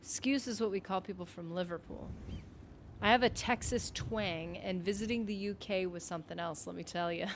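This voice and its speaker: A woman's voice: medium pitch, normal speed, a little hiss or hum. A woman from the northern United States chatting casually on a game stream, rambling with lots of "like" and breaking off mid-thought while reading out viewer comments. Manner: rambling, chatty, full of "like" and self-interruptions; reads viewer comments aloud. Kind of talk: casual live-stream chat.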